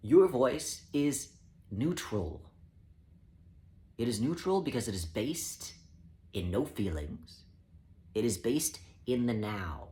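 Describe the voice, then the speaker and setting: Man, calm measured spiritual teacher, even mid-range voice. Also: mid-range voice. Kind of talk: spoken teaching talk.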